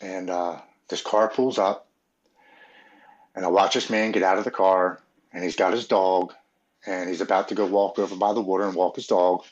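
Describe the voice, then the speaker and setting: A man from Maryland, a podcast guest, telling his own recovery story in an earnest, halting, emotional way. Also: low voice, fairly even intonation. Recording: dull, muffled audio.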